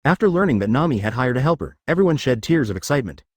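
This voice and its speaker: A man reads a long fan fiction story aloud. His pitch sits in the middle but swings widely, and the sound is dry with no room echo. The cadence stays even and steady, even over sound effects. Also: very fast. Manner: reads page artifacts and sound words flatly, even cadence. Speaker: narrator.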